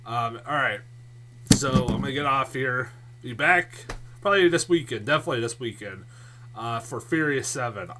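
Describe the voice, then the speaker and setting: A man casually reviewing movies in a vlog, rambling and excitable, swearing a lot and restarting his sentences often. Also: medium pitch, moderate pace, noisy background. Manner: many fillers and restarts.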